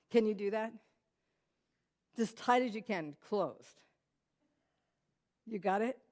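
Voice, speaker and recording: A woman's voice: mid-range voice, a little mellow. A woman giving a personal testimony to a church audience, telling her story in a conversational way with many fillers and restarts and talking directly to the listeners. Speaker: guest speaker. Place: church hall.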